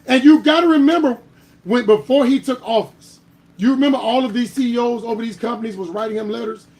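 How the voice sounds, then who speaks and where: A man's voice: very high-pitched, a little fast. A man hosting a political commentary livestream, arguing hard and driving his points home with repeated "All right?". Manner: heated and argumentative, builds to louder bursts. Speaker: host.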